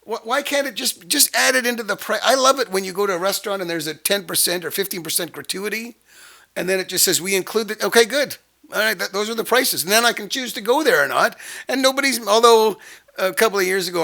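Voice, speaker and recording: Gravelly high-voiced man ranting casually. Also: fast talker, pushed and bright. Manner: rambling, exasperated storytelling with restarts. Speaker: host. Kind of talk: casual monologue.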